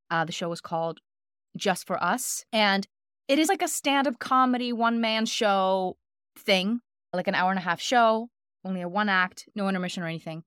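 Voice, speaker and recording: A woman's voice: mid-range voice, smooth, dry recording. Chatty woman podcast host, dry sound. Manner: animated, acts out quotes in her stories. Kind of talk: casual conversational storytelling.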